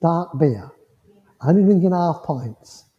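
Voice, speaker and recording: A man giving a mediumship demonstration to a congregation, speaking in a gentle, reassuring way and checking in often with the listener. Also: on the high side, lively intonation, slow pace. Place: village hall. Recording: muffled hall sound with long reverb.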